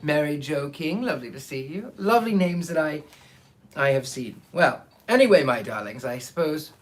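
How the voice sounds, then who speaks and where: A man's voice: on the high side, lively intonation, moderate pace. Guy hosting a livestream, theatrical, chatty, reads a storybook aloud. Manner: chatty, theatrical, greets viewers by name. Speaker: host of a live storytelling stream. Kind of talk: casual chat and reading aloud.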